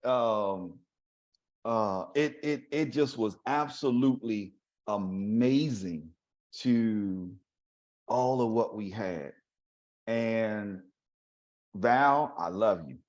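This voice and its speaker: A man, a podcast host telling a story to his listeners in a loose, lively way. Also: lowish voice, extremely slow, long pauses. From New Orleans, USA. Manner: animated, talks straight to listeners with chuckles. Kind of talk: casual storytelling monologue. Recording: dull lo-fi audio.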